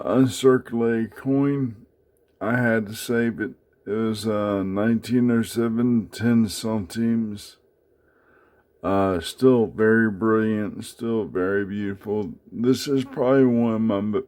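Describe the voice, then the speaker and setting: A man casually talking through his coin collection in a home vlog, halting with many fillers as he handles each piece. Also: fairly low pitch, a little mellow. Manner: unhurried, many fillers, speaks haltingly while handling items. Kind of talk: casual show-and-tell vlog.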